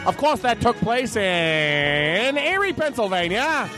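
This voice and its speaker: A man voicing a manic, snide male cartoon announcer in a squeaky sing-song voice. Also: big pitch swings, slow pace, music in the background, heavily acted. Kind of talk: comedic cartoon announcer bits.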